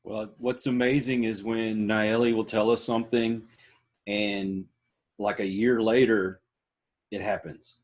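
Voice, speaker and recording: A man's voice: fairly low pitch, flat delivery, a little slow. A man, a podcast host in casual interview chat, folksy and joking.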